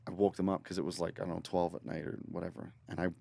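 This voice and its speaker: A man from Northern Ontario telling a long story as a guest musician in a podcast studio, rambling and energetic, with restarts and the odd swear word. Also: sits low, very fast, vocal fry. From Northern Ontario, Canada. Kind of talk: casual interview storytelling.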